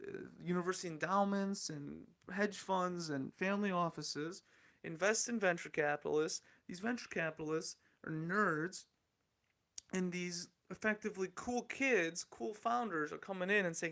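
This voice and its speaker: A man hosts a solo podcast, talking in a loose, opinionated way that is full of swearing and restarted phrases. His voice sits a little high for a man and has a gravelly edge. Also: normal speed, a bit bright. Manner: blunt, profane, opinionated, rambling with restarts. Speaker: podcast host. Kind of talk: casual solo podcast commentary.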